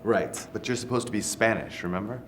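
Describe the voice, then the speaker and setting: A man's voice: fairly low pitch, lively intonation, fairly quick, fairly bright tone, a little hiss or hum. A man directing a play read-through, coaxing and patiently strained, with faint music behind. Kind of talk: rehearsal direction.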